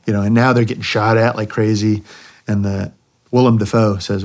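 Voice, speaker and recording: Animated storytelling man, former pilot. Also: lowish voice, moderate pace. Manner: animated anecdotes with dry jokes. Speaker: former helicopter pilot guest. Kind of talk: storytelling in a podcast interview.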